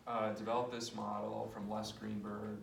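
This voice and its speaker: A man with a gravelly voice, a couples therapist, passionately explaining his therapy method in an interview. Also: fairly low pitch, monotone, moderate pace. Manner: passionate, demonstrates with role-play. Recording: echoey room, distant mic, noisy.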